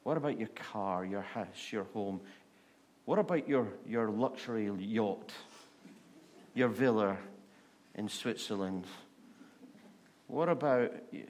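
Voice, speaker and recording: Man preaching in slow rhetorical questions. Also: on the low side, darkish tone. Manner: repeats rhetorical questions, slowing for emphasis. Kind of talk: sermon.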